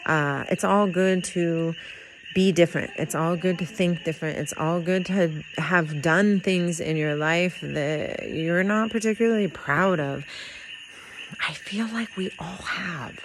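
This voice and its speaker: Low-ish woman rambling earnestly to her viewers, lots of little laughs, bit of hiss in the background. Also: unhurried. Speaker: vlogger. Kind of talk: heartfelt personal talk to camera. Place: in Puerto Rico.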